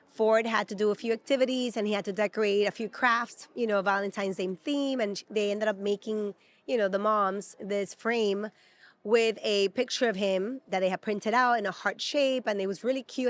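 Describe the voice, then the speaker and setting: A woman in her thirties from Peru, a native Spanish speaker, co-hosting a casual chat and talking emotionally with lots of fillers. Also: mid-range voice. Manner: chatty and emotional, many fillers. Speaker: podcast co-host. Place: at a theme park.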